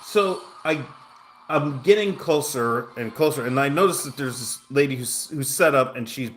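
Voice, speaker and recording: A gaming streamer tells a long personal story while he plays, casual and rambling, full of restarts, asides and self-mocking jokes. His voice sits at medium pitch with a fairly bright tone.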